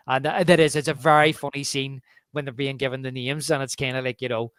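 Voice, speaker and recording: A man's voice: mid-range voice, level tone, fast talker, a bit bright, clean tone, dry recording, clean studio sound. A man co-hosting a podcast, chatting casually about a film and retelling favourite scenes with relish. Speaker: podcast co-host.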